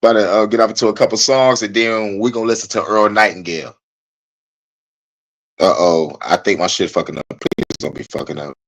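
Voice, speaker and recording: Young male streamer, casual and cussing, animated frustrated rant. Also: fairly quick. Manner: profane, animated, frustrated venting with swings in pitch and loudness. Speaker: podcast host.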